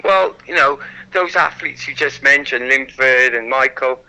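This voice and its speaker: A man's voice: medium pitch, a little slow, low-quality recording. A Welsh man, a guest athlete, telling stories frankly and animatedly in a radio interview. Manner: animated, frank, repeats "you know".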